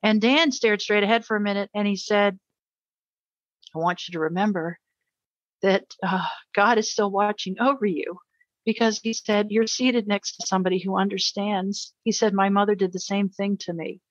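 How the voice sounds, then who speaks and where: A woman's voice: mid-range voice, fairly even intonation, normal speed, no echo, muffled recording. A middle-aged American woman, a guest in an interview, telling a personal story with earnest emotion and frequent repetition.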